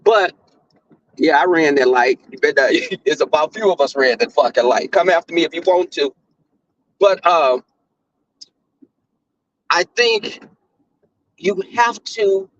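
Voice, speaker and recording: A man hosting a casual commentary chat, telling stories in a profane, animated way. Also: sits high, dry recording, lo-fi sound.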